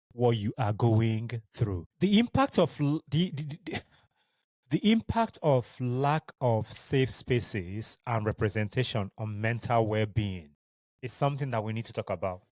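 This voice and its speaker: A man's voice: lowish voice, a little slow, a little mellow, no room sound. A man with a Nigerian accent, a native Igbo speaker, hosting a solo podcast in an earnest, heartfelt way and speaking tenderly to his listeners. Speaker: podcast host.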